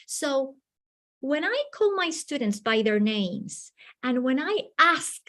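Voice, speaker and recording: Woman, teacher trainer, lively swooping voice, fairly high, acts out quoted dialogue. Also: takes it slowly. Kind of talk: teacher training talk with acted anecdotes.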